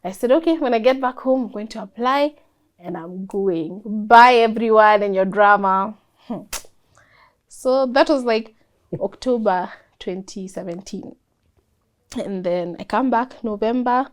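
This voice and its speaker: A young woman, a guest in an interview, telling a personal story in a lively way and acting out what people said. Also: fairly high pitch, measured pace. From Kenya. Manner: animated storyteller, acts out quoted dialogue.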